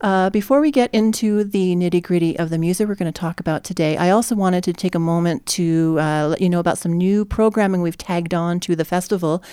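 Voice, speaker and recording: A woman's voice: fairly low pitch, fairly quick, few pauses, mellow, clear, resonant tone, no echo, clean studio sound. A woman from New Jersey hosting a podcast in casual chat, chatty and self-deprecating with many fillers. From New Jersey, USA. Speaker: podcast host.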